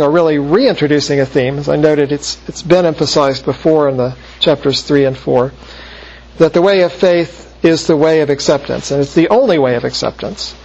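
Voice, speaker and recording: A man teaching a Bible class in a measured lecture style, slowing down to stress key phrases. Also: fairly high pitch, vocal fry, darkish tone. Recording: dull lo-fi lecture recording.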